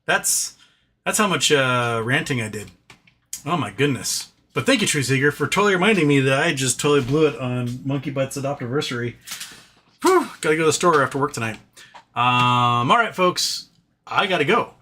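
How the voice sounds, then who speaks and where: A man's voice: mid-range voice, expressive, moderate pace, bright, forceful tone, a little hiss or hum. Rambling man hosting a live stream. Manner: rambling, self-deprecating, sighs and swears. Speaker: livestream host reading viewer chat. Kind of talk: casual live-stream market chat.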